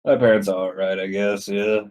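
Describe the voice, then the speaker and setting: A young man co-hosting a casual gaming podcast, playful and jokey, sometimes bursting into loud mock voices. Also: on the low side, fairly even intonation, a little fast. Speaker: podcast co-host. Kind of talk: casual chat while gaming.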